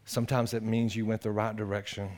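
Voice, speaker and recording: A man preaching a sermon, animated and conversational, swinging between loud exclamations and hushed earnest passages. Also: lowish voice, quick pace, slight background noise. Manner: conversational, addresses the congregation directly. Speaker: pastor.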